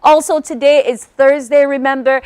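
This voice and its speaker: A woman's voice: high-pitched, steady tone, moderate pace, darkish tone, no room sound. A woman hosting a morning show, closing the segment with upbeat reminders for viewers. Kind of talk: show sign-off.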